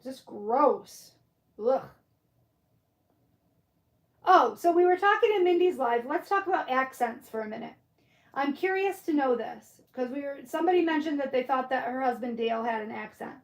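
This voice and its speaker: A woman's voice: sits high, animated, brisk, reverberant. A middle-aged woman from Michigan with a Michigan accent, chatting casually with viewers on a craft livestream. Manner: chatty, answers viewer comments, muses aloud. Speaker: livestream crafter reading chat. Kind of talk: casual live-stream chat.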